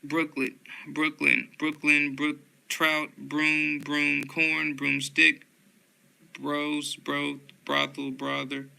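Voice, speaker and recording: A man reading dictionary entries aloud one word at a time, with flat, unhurried delivery and occasional stumbles. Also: on the high side, vocal fry, clear, resonant tone, poor audio.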